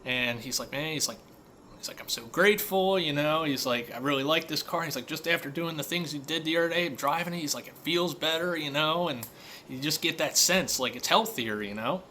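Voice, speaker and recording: Male mechanic, casual storyteller, bright tone, faint background hiss. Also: a little high, brisk. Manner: conversational storytelling, many fillers. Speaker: auto repair shop owner. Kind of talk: casual monologue rant.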